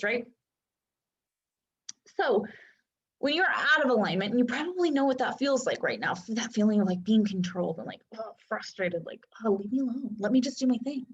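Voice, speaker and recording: Chatty woman coach, higher voice. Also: slightly rough. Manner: chatty, often checks in with "right?". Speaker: Human Design coach. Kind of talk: casual teaching talk. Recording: dull lo-fi sound.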